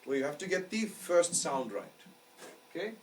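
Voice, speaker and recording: An astrology teacher lectures a class, his slightly high voice swinging widely in pitch at normal speed. He explains patiently and often checks that students follow, captured by a distant mic with faint background noise.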